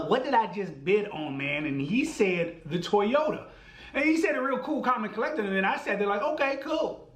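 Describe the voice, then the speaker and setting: Man, high-pitched, comic storytelling, slangy, animated, echoey room. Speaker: podcast host. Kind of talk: storytelling monologue.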